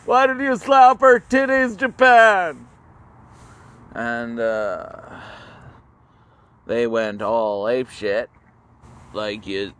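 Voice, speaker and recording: A man telling history as a crude, rambling comedy rant, halting with fillers and jumping into squeaky mocking voices. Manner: jumps into squeaky high mocking voices for countries.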